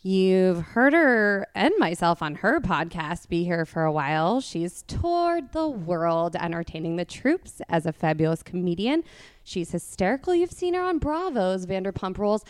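A woman's voice: on the low side, very animated, normal speed, clear, resonant tone, no room sound, studio quality. A young woman from New Jersey hosting a podcast in casual chat at a friend's home, bubbly and giggly. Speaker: podcast host.

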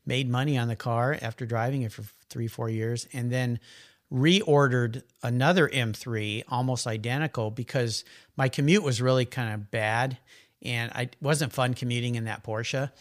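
A middle-aged man, a guest, chatting casually and telling animated, rambling anecdotes. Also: mid-range voice, moderate pace. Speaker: guest, car enthusiast. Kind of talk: casual conversational storytelling.

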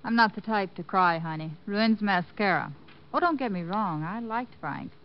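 An actress as a breezy flirtatious nightclub dancer. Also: female voice, medium pitch, animated, normal speed, natural voice. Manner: breezy, teasing, unbothered. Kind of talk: 1950s radio drama acting. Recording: dull lo-fi old radio recording.

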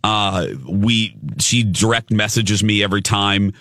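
A man hosting a morning radio show, telling stories in a casual, animated way and laughing often. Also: lowish voice, unhurried, no room sound, clean studio sound. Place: radio studio. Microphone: studio microphone.

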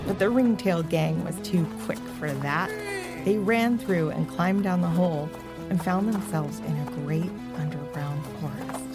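Gravelly woman narrating a children's story. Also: on the low side, a little slow. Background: music.

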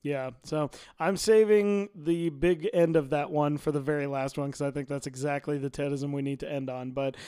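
Smooth-voiced laughing podcast co-host. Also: male voice, fairly high pitch, steady tone, moderate pace, hardly any pauses, mellow, no room sound, studio quality. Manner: laughs often, quotes lines with relish. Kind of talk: casual chat about a TV episode.

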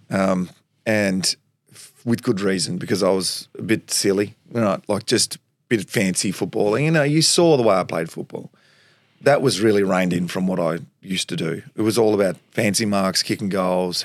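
Gravelly, low-voiced Australian storyteller man. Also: normal speed, no echo. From Tasmania, Australia. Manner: animated storyteller, acts out quoted voices, laughs often. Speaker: guest, former footballer. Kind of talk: storytelling interview.

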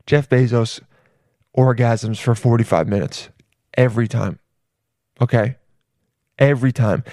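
A man's voice: medium pitch, darkish tone, no room sound. A man in the middle of a vulgar comedic riff, tumbling through restarts and profanity in an ordinary mid-range voice. The recording is dry and close, with no room sound. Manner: crude, rambling, with many restarts and swearing.

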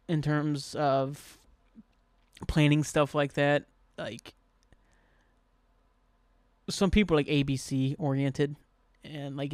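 A man's voice: mid-range voice, darkish tone, dry recording. A man hosting a solo podcast, rambling in casual chat with lots of "like" and easy swearing, recorded at his home desk. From Southern Ohio. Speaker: podcast host.

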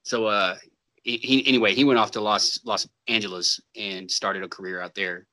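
Bright-voiced, laughing man. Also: on the low side, steady tone. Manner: laughs often, drawn-out swearing asides. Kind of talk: casual chat.

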